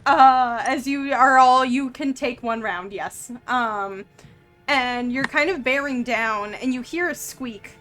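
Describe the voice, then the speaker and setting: A woman narrating a tabletop game as game master, with many pauses and fillers. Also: high-pitched, fairly bright tone, soft background music. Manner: hesitant, filler-heavy narration.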